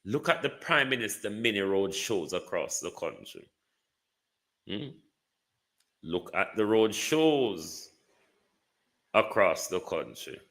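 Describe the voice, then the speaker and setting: A man's voice: lowish voice, big pitch swings, slow, vocal fry, pauses often, a bit bright. A man with a Jamaican accent giving live political commentary, taunting and rhetorical, often asking "hmm?".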